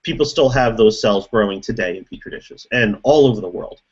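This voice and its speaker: A man's voice: on the low side, a little fast, husky, muffled recording. A man in a casual group discussion, thinking aloud as he explains things at length. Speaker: meeting participant.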